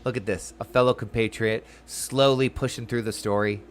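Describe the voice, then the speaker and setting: A man casually commentating his game session, chatty and excitable, often reading the on-screen text aloud. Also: fairly low pitch, moderate pace. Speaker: game streamer. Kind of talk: let's-play commentary.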